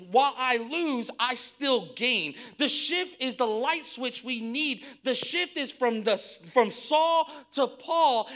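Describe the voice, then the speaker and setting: A woman pastor preaching a sermon, reading scripture and joking with the congregation in a lively way. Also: on the high side.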